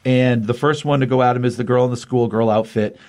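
Comic podcast co-host, a man, casual and animated. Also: medium pitch, fast talker. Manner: animated retelling with acted quotes. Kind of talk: casual comic review chat.

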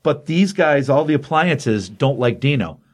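A man's voice: on the high side, sing-song, unhurried. A man casually recapping a comic book issue, chatty and rambling, often acting out the characters' lines. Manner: chatty, rambling, acts out quotes.

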